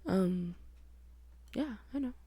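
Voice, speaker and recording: A young woman co-hosting a podcast, laid-back, with short replies and soft asides. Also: medium pitch, lively intonation, slow pace, slight background noise. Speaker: podcast co-host. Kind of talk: casual podcast chat.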